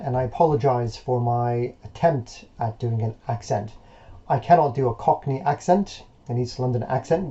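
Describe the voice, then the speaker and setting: With the high frequencies cut off, this recorded remote lesson features a male teacher at medium pitch. He sounds relaxed and supportive, hesitating often and leaning on fillers.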